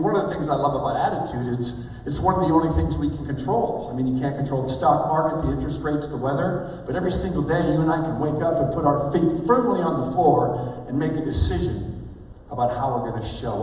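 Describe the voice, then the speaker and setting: Energetic man speaking in a hall. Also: on the high side. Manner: energetic, calls for audience replies. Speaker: motivational speaker. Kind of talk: live stage talk to an audience. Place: large hall with a live audience. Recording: echoey hall, mic at a distance.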